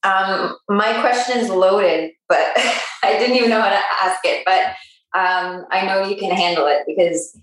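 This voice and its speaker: A woman from Canada asking a yoga teacher a long question over a video call. She speaks hesitantly, with many pauses and fillers. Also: medium pitch, a bit bright, heavy reverb, rough recording.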